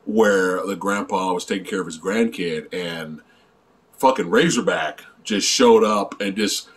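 A man's voice: low voice, unhurried. A man co-hosting a casual movie review, eagerly retelling scenes and often chiming in with agreement. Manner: animated storyteller, frequent agreeing "yeah". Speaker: co-host of a horror movie review vlog.

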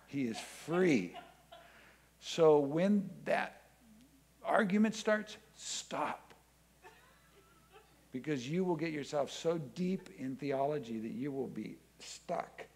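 A man's voice: medium pitch, animated, measured pace, a little mellow, slightly rough. A man preaching a sermon in church, reading scripture aloud and acting out the voices in it with emphasis. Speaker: pastor.

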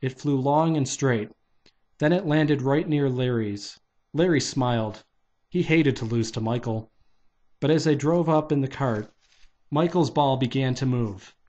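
A man reading a children's book aloud at a medium pitch. His delivery is plain and steady. He moves from line to line like a storybook narrator. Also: unhurried, lo-fi sound. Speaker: reader.

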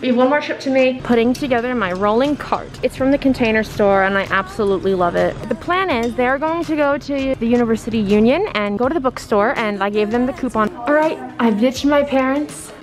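A woman's voice: a little high, lively intonation, brisk, few pauses. Chatty young woman vlogging her dorm. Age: young adult. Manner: chatty, enthusiastic, says "literally" and "like" often. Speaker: college freshman vlogger. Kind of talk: casual vlog narration. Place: college dorm room. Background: music playing in the room.

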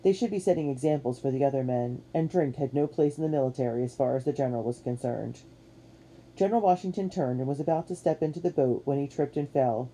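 A woman giving a measured, expressive narration of a children's storybook. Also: extremely low pitch, breathy edge. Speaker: audiobook narrator.

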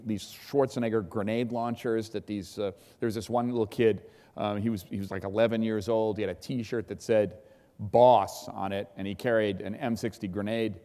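A middle-aged man giving a keynote speech, an animated storyteller who acts out shouting. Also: on the low side. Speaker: keynote speaker. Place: large event hall. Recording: long hall reverb.

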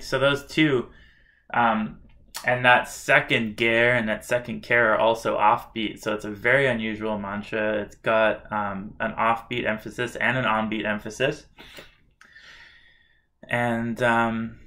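Man teaching drum syllables over loud drumming. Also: mid-range voice, little pitch movement, unhurried, over music. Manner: breaks into loud rhythmic chanting of syllables. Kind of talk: instructional demo, chanting drum syllables.

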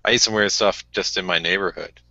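A man's voice: sits low, steady tone, fairly quick, creaky, pushed and bright, no echo. A man co-hosting a podcast, joking around in casual banter and laughing often. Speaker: podcast co-host. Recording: dull lo-fi podcast audio.

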